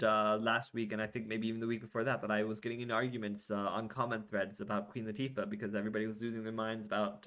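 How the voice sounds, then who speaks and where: A man's voice: lowish voice, a bit bright. A young adult man hosting a casual vlog, ranting in an exasperated way with lots of swearing, fillers and restarts. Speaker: vlog host.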